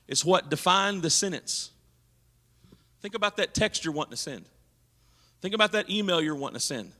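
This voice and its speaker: Give me a lively, bright-voiced man teaching a church audience. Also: sits high, in a large hall. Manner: engaging, asks the audience questions. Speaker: leadership seminar speaker. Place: church hall.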